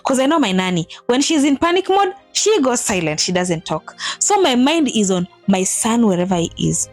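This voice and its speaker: A woman in her thirties tells a personal vlog story in an animated way, acting out what people said with big jumps in her voice. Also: normal speed, faint music behind. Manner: animated, acts out quotes with big pitch jumps. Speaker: vlogger telling a personal story. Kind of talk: emotional storytelling to camera.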